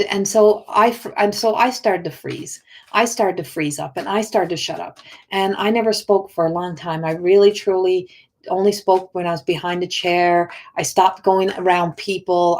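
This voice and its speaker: A woman spiritual coach chats to viewers on a live stream in an ordinary conversational register. Her delivery is earnest and encouraging, but halting, and she often repeats words and restarts her sentences before finishing a thought. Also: medium pitch, a little mellow. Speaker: spiritual coach and oracle card reader.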